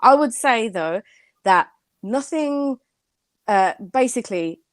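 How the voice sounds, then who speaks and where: Animated woman defending herself. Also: a little high, slow pace, dry recording. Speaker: panel guest. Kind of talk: live online panel discussion.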